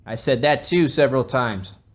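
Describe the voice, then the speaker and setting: A man of average pitch hosting a podcast, talking loosely and off the cuff. His chat rambles from one thought to the next, full of swearing and jokes. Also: normal speed. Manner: profane, rambling, jokey. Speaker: podcast host.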